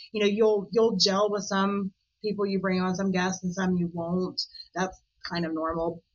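A woman talking as a podcast guest in a casual interview, chatty and animated, often laughing. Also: mid-range voice, lo-fi sound.

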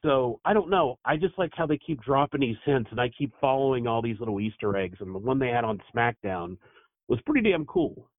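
A man's voice: mid-range voice, expressive, brisk, dry recording. Male co-host, easygoing joker, dry tinny phone-quality sound. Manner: easygoing, joking. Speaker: podcast co-host. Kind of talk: casual chat.

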